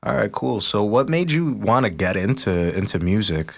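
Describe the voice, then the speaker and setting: A man hosting a podcast, answering with short casual replies and quick questions. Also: fairly low pitch, sing-song, vocal fry. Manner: short backchannels and quick questions, laughs easily. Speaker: podcast host. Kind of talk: casual interview.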